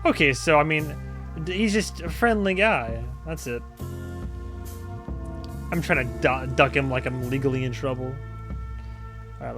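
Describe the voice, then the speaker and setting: A man's voice: mid-range voice, fairly bright tone. A young man casually commentating a video game stream, laid-back and joking, with easy swearing.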